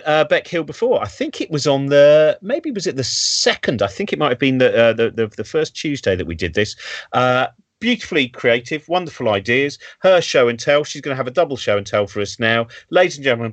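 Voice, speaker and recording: A man's voice: medium pitch, lively intonation, brisk, no room sound. A man hosting a live stream from his home over a video call, hesitant and repeating words as he introduces a guest. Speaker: host.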